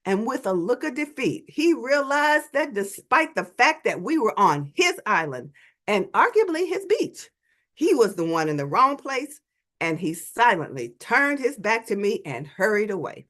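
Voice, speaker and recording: A woman tells a story to an audience in a dramatic, animated way. Her voice sits a little high and swoops widely in pitch, with vivid emphasis. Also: measured pace. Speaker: invited speaker. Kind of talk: storytelling talk.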